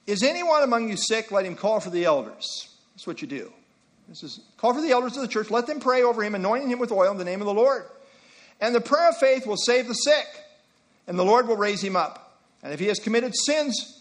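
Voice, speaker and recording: High-voiced man preaching a sermon. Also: fairly bright tone. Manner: conversational preaching with folksy asides. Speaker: pastor.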